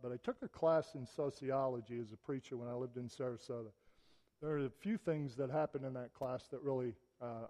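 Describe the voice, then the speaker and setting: A man's voice: mid-range voice, darkish tone. A middle-aged man from Michigan preaching a sermon, telling personal stories in a conversational way with emphatic rises. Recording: long church reverb.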